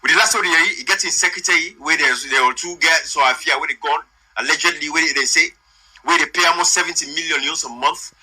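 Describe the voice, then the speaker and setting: A man's voice: a little high, fast, pushed and bright, husky, low-quality recording. A man from Sierra Leone with a Sierra Leonean accent giving rambling casual commentary as host, slipping pidgin into his English. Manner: rambling, mixes pidgin into English, many fillers.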